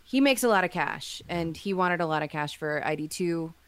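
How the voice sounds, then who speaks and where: Smooth-voiced woman podcast co-host. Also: fairly low pitch, animated, moderate pace. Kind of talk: casual chat and reading listener mail.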